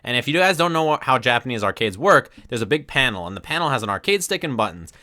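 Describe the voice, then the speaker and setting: A man streaming from his desk, retelling a tournament story in casual commentary and acting out the crowd's reactions. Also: medium pitch. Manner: animated, acts out crowd reactions with quick asides.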